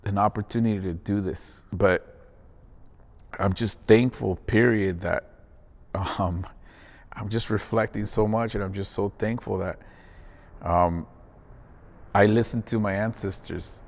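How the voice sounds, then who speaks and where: Man, lowish voice, earnest casual interview talk, long hall reverb. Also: fairly even intonation, unhurried, long pauses. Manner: earnest, says "man" and "bro" often. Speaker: theater performer and guest.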